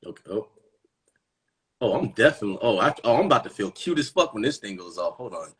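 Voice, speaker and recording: Husky, playful man on a phone livestream. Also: lowish voice, animated, quick pace. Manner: joking, playful, jumps into silly voices. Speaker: livestream host. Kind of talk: casual livestream chat.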